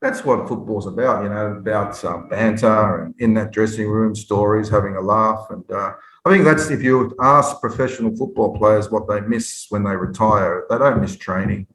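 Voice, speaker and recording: A man, a former footballer, telling stories in an interview with lively restarts and repeats. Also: on the low side, normal speed. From Australia. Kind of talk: storytelling interview. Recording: roomy echo.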